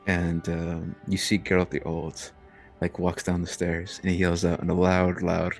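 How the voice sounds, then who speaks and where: A man running a tabletop game narrates the scene in a loose, rambling way, with plenty of fillers. His voice is very low and deep, and faint music plays behind him. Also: monotone, measured pace. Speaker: game master.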